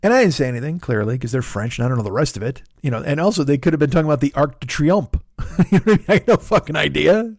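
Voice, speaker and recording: Gravelly, profane middle-aged comedian. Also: male voice, on the high side, lively intonation, very fast, darkish tone, no room sound, clean studio sound. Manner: rambling, profane, self-deprecating storytelling. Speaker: comedian and podcast host. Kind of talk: casual comedic monologue.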